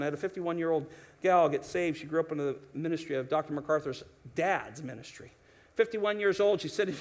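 Male pastor, higher-pitched voice, lively sermon delivery with restarts. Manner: animated preaching with quoted voices and restarts.

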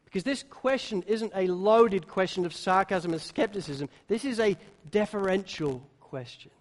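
A man preaching a sermon, now and then acting out the disciples' words in quick little voices. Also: high-pitched. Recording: long hall reverb.

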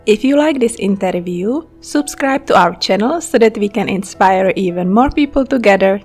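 A woman hosting an interview, talking quickly and cheerfully. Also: mid-range voice, lively intonation, darkish tone, husky, soft background music. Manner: quick, cheerful, talks fast. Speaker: interviewer and channel host. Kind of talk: interview chat.

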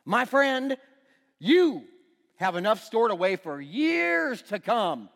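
A man's voice: high voice, very animated, slow pace, creaky, a bit bright, big-room sound, voice pushed up, heavily acted. A man voicing a rich farmer who smugly congratulates himself on his stored wealth. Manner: self-satisfied, drawn out.

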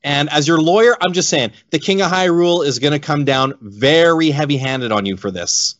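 A man's voice: a little high, normal speed, fairly bright tone, no echo, muffled recording, close to an everyday voice. A man playing a blunt, unhelpful defense lawyer in an improv comedy sketch. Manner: blunt, matter-of-fact.

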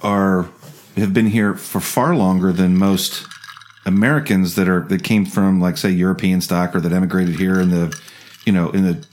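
A man's voice: sits low, steady tone, moderate pace, darkish tone. A man from South Jersey chatting casually as a podcast co-host, rambling and laughing as he restarts his thoughts. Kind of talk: casual chat.

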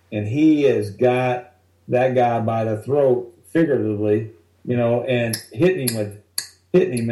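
A male stand-up comedian telling rambling, animated stories from the road in a casual interview. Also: medium pitch, echoey room, poor audio. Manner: animated, rambling anecdotes that act out other people's lines.

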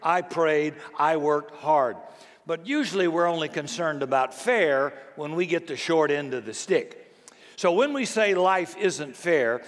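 An older man, a grandfather, preaching a sermon in a folksy, storytelling way, slow and deliberate. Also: on the high side. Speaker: pastor. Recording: long hall reverb.

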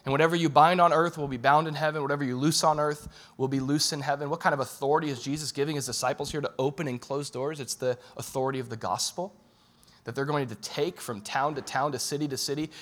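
A man preaching a sermon as pastor, animated and casual, repeating phrases for emphasis. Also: a little high, fast talker.

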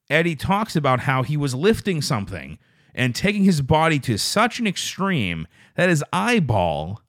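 A man's voice: no echo, clean studio sound. A man hosting a solo podcast, chatting with live viewers in an exaggerated radio-announcer voice and rambling through stammered restarts. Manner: exaggerated radio-announcer delivery, lots of pitch swoops. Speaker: podcast host.

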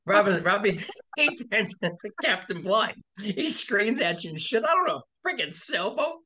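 A man's voice: sits high, moderate pace. A man, a body shop owner on a podcast, telling rambling stories in casual chat, laughing, swearing and acting out the voices of people in them. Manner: animated, profane, laughs through stories, acts out voices.

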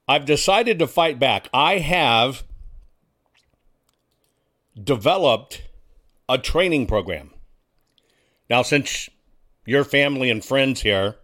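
A man's voice: medium pitch, fairly bright tone. A male talk show host speaks in a folksy, combative way, often turning to the audience with rhetorical questions. His voice sits in an ordinary middle range. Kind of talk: casual talk show monologue.

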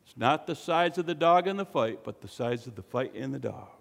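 A man preaching a sermon, building to loud, fervent peaks and joking between points. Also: medium pitch, lively intonation, a little fast, gravelly, big-room sound. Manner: preaching with dramatic swells, jokes and acted quotes.

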